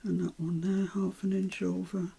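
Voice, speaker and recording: A woman's voice: lowish voice, level tone, normal speed, gravelly, mellow, slightly rough. An older woman giving a chatty live craft demonstration, with self-mocking asides while she works. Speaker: craft tutor.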